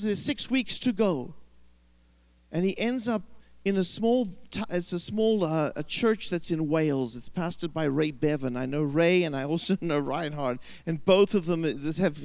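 A British man preaching, telling a long story in an animated way and putting on the voices of its people. His voice sits high. The recording is dry and close. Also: smooth, no room sound. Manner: animated, acts out quoted voices. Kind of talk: sermon storytelling.

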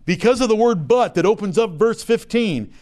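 Here a male Bible teacher, high-voiced, expressive and a little mellow, moves through scripture verse by verse at a moderate pace. After reading the old text aloud, he explains it plainly and acts out little examples and voices.

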